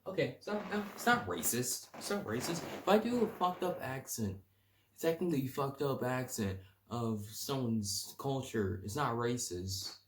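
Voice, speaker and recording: A podcast host, alone and casual, rambles through crude jokes and reads definitions aloud from a home room early in the morning. His mid-range voice has lively intonation but moves a little slowly, and the room is echoey with faint ambient noise.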